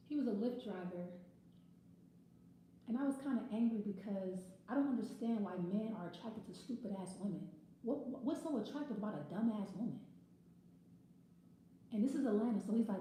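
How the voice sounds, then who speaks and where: A woman's voice: on the high side, expressive, normal speed, pauses often, warm tone, very echoey, slight background noise, poor audio. A woman giving a casual tarot reading, ranting bluntly and swearing freely. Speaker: tarot reader.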